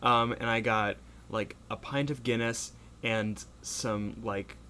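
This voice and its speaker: An American man chatting casually on a podcast, filling his stories with "like" and quick asides. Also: mid-range voice, steady tone, pushed and bright, a little hiss or hum. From United States. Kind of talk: casual chat.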